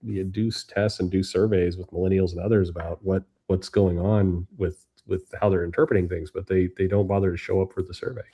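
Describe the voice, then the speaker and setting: A man's voice: sits low, fairly even intonation, a little fast, hardly any pauses, warm tone, slightly rough. A man on a podcast panel, teasing the others in a wry, joking way. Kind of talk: casual panel chat.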